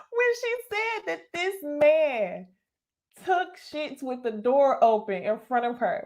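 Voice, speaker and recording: A young woman giving casual reaction commentary on a reality show, blunt and profane, laughing often and talking straight to her viewers. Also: high-pitched. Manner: addresses viewers directly as "y'all". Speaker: YouTuber reviewing a reality dating show.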